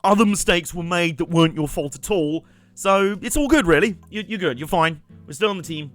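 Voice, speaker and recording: Young man, live game commentary, slightly high voice, joking asides, faint music behind. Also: brisk, fairly bright tone. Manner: chatty, joking, rambling asides with laughs. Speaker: streamer.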